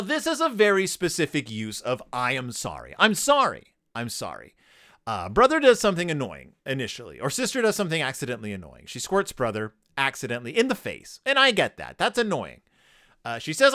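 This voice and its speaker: A man hosts a podcast, talking casually and joking as he picks apart a children's book. His voice is bright and clear, and his pitch rises and falls a lot. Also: fast. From United States. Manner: playful, jokey, animated retelling. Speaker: podcast host.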